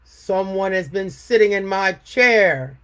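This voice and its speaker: A woman's voice: medium pitch, animated, takes it slowly. A woman doing a growling papa bear. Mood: grumbling. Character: gruff big male papa bear.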